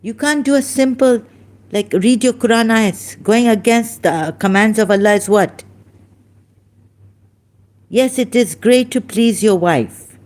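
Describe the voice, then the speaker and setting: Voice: medium pitch, a little slow, pauses often, darkish tone. A speaker hosting a heated religious debate, scolding a caller with emphatic rhetorical questions and sounding angry. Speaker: online debate host.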